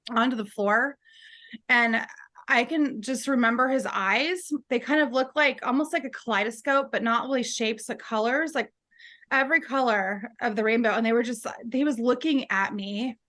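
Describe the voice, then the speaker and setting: A woman guest telling a personal story in an interview, halting, with fillers and soft laughs, close to tears. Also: a little high. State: tearful.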